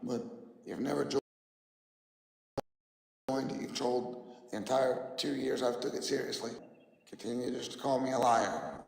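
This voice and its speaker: Gravelly man ranting in an echoey room. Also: mid-range voice, measured pace, long pauses, a little mellow. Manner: combative, mocking, repetitive. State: voice worn out. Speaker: flat earth streamer. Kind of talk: ranting livestream monologue.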